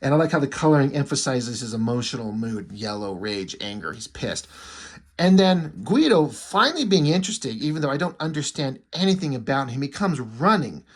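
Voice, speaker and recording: A man's voice: medium pitch, big pitch swings, brisk. Irreverent man giving casual comic commentary. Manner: irreverent, swearing, wry asides. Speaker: comic book reviewer.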